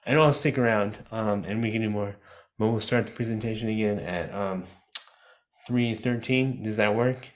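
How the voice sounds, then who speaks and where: A man's voice: lowish voice, normal speed. A man teaching a class on a video call, talking loosely with lots of fillers and restarts. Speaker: disability advocate teaching a class. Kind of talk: casual online lecture.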